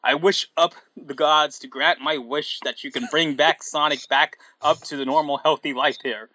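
A man's voice: a little high, steady tone, normal speed, bright, forceful tone, no room sound, dull audio. A man voicing a brooding young male hedgehog who declaims in a grave, solemn way.

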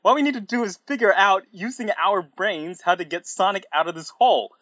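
A man voicing a young male fox sidekick who is bossy and excitable, in a high, shouty voice. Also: fairly quick, no room sound, dull audio. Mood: stern.

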